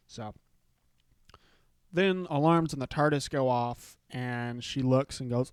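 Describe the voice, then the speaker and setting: A man's voice: medium pitch, slow, long pauses, clean tone, dry recording. A man hosting his own show, chatting casually and retelling scenes in a loose, filler-filled way. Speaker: podcast host. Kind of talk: casual solo show recap.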